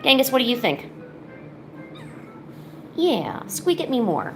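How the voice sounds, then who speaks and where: A woman's voice: fairly high pitch, big pitch swings, normal speed, long pauses, fairly bright tone, soft background music. A woman chatting casually at home while painting, slipping into playful baby talk with her cats and teasing them. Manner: teasing, chatty, laid-back. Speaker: art streamer.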